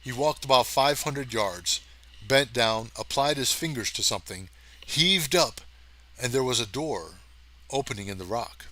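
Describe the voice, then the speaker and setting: A man reading a science fiction story aloud as narrator, steady and even. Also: mid-range voice, a little slow. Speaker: audiobook reader. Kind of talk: scripted narration.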